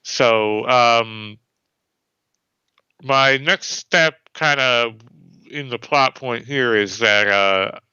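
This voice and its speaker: A man's voice: mid-range voice, drawn-out words, pauses often, bright, forceful tone, smooth, no room sound. A man co-hosting a podcast, recapping in a rambling, hesitant way and casually swearing. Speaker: podcast co-host, new player. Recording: dull lo-fi sound, faint music.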